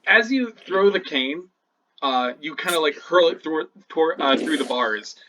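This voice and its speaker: A man's voice: fairly high pitch, lively intonation, a little slow, bright, forceful tone, slight background noise. A man narrating a tabletop game as game master, in loose, filler-heavy description. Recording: slightly dull lo-fi mic.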